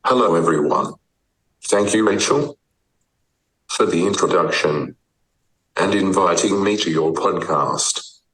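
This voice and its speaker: A man speaking as a podcast guest through a typing speech device, with an even synthetic delivery. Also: sits low, measured pace, pauses often, reverberant, far from the mic, poor audio.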